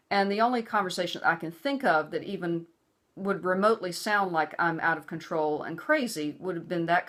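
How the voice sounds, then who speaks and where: A middle-aged woman vlogging a personal story straight to camera. Her voice sits slightly low, and she talks in an earnest, emphatic way, driving her advice home as if lecturing. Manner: acts out quoted voices, hushed and soothing or raised and angry.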